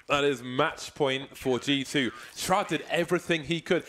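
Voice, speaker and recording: A man's voice: on the high side, moderate pace, few pauses, a bit bright. A man giving live color commentary on an esports match, full of jokes and playful banter, getting hyped when big plays happen.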